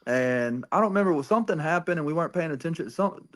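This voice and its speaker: A man's voice: on the high side, lively intonation, quick pace, a bit bright. A man chatting casually about racing, rambling with frequent restarts and swearing. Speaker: podcast co-host.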